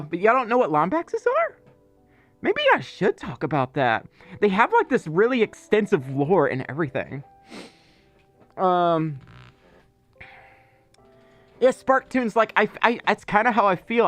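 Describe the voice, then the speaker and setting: Very animated yet unhurried, a man with a high, slightly bright voice pauses often as he hosts a casual livestream. The recording has no room sound and faint music in the background. He chats in a rambling way, reading viewer messages aloud amid many filler words and asides.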